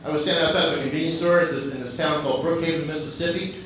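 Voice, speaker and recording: Profane stand-up comic in an echoey club. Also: male voice, on the high side, fairly even intonation, very fast, a bit bright. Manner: loose, profane, crowd-teasing. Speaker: stand-up comedian hosting open mic. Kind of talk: live stand-up comedy. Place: comedy club. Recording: echoey club, far from mic, audience noise.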